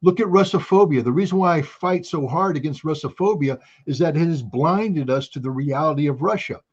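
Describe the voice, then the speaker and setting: A man's voice: on the high side, a little fast, slightly rough, highs cut off. An American man speaking as a guest on a livestream interview, emphatic and lecturing, repeating points for force. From United States. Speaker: guest commentator.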